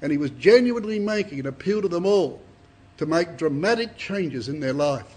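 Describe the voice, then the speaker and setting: Animated, husky male preacher. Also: fairly high pitch, moderate pace. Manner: animated, dramatic scripture reading with rhetorical questions. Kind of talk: Bible study sermon.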